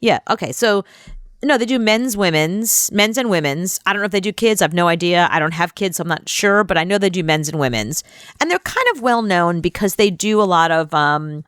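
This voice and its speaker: A young adult woman co-hosting a radio show, telling a rambling, animated anecdote in casual chat. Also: on the low side, fairly quick, smooth, no echo, clean studio sound. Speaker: radio co-host.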